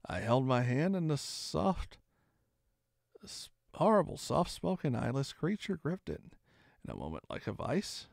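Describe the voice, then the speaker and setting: A man reading a classic adventure novel aloud in expressive first-person narration. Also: mid-range voice, measured pace, gravelly, no room sound, studio quality. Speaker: storyteller.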